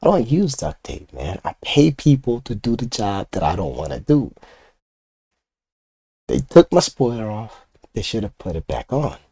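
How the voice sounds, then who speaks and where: This older man from Puerto Rico, a comic artist, rants profanely and casually to viewers as he inks, his fairly low, husky, dark voice very animated at a moderate pace. The recording has no echo.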